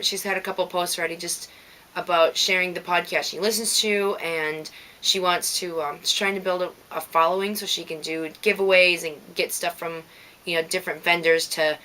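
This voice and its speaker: A woman's voice: on the low side, pushed and bright. Chatty woman with a Minnesota accent. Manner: chatty, rambling, thanks listeners by name. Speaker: knitting podcast host. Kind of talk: casual chat.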